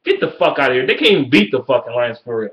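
A man delivering a heated, profane sports rant, repeating himself and swinging between yelling and low mutters. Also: sing-song, very fast, dull audio. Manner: heated, swearing, rising to yelling. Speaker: sports fan vlogger.

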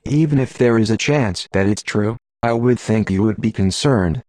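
A man's voice: fairly low pitch, normal speed, darkish tone, no room sound, close to an everyday voice. A man voicing an earnest young male Jedi apprentice who pleads urgently, in an audiobook.

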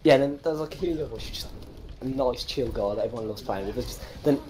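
A man's voice: medium pitch, quick pace, dark tone, rough recording. A young man with a Birmingham accent chatting casually and crudely over game voice chat, telling rambling jokey stories. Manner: crude, joking, rambling storytelling. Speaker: gamer in voice chat.

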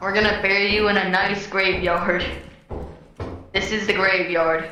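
A man joking in a deadpan way while playing a game in casual voice chat with friends. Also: sits high, unhurried. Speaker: fellow player. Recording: very echoey, noisy game chat.

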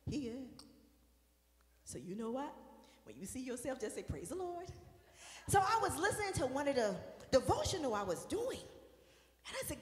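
A woman minister preaching a sermon, shouting and singing out praise at times and dropping to a soft, talking tone at others. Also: high voice, sing-song, fast talker, echoey room, big-room sound. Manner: shouts and sings out praise, then drops to a soft conversational tone.

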